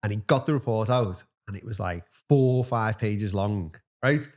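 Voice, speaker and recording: A man's voice: fairly low pitch, normal speed, darkish tone. A man, a teacher co-hosting a casual chat, who tells rambling anecdotes full of quoted dialogue. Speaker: teacher and podcast co-host.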